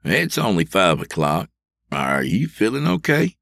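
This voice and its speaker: A man voicing an easygoing middle-aged husband in an audio story, wry and gently teasing. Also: low voice, huge pitch swings, unhurried, vocal fry, no echo, studio quality, voice pushed up, full character voice. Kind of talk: audio drama reading.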